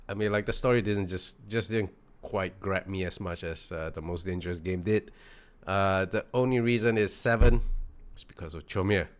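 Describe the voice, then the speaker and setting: Male podcast host, casual, calls on panelists, measured and smooth. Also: fairly low pitch. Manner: leads the panel, calls on each speaker. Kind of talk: casual book discussion.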